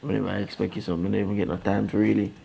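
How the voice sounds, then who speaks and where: A man's voice: on the low side, little pitch movement, racing, vocal fry, dark tone, slight background noise. A man with a Jamaican accent playing a man who takes his deported brother in, blunt and frank in a lecturing way. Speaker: actor in a crime drama. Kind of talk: Jamaican Patois film dialogue.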